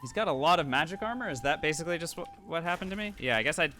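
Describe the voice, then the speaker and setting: Bright-voiced streamer man chatting. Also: on the high side, lively intonation, very fast, soft background music. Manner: chatty, thanks viewers, frequent fillers and restarts. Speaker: streamer playing a challenge run. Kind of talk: live gameplay commentary.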